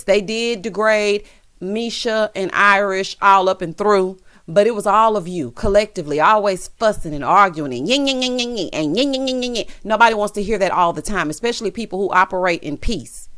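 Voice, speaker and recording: Sassy animated woman recapping reality TV. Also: medium pitch, no echo, clean studio sound. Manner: sassy, playful, animated storytelling with mimicked quotes. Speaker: recap vlogger. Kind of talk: reality show recap commentary.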